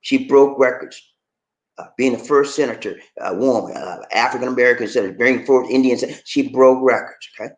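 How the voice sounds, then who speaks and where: A man's voice: mid-range voice, fairly quick. A man hosting political commentary, emphatic and rhetorical, often repeating "okay?" and "man". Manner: rhetorical questions, preacher-like delivery.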